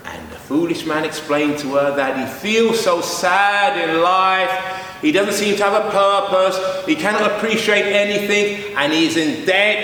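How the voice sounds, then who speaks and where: A man telling a children's story aloud, slow and expressive. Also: sits high, a little hiss or hum. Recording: roomy, echoey sound, mic far off.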